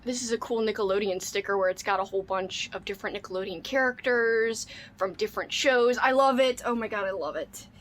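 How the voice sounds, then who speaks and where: A woman's voice: mid-range voice, a little fast, a bit bright, slight background noise. A young woman book vlogger unboxing mail in casual chat, gushing and squealing with delight, saying "like" and "oh my god" often.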